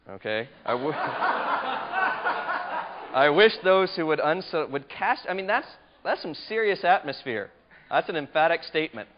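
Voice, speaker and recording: A man teaching a Bible study lecture in a conversational, emphatic way, asking his class questions, on a muffled lo-fi recording. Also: fairly high pitch.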